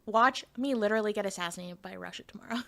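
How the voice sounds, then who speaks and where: A woman's voice: medium pitch, quick pace, gravelly, a bit bright. A woman streamer in casual live chat, rambling and giggly with lots of fillers.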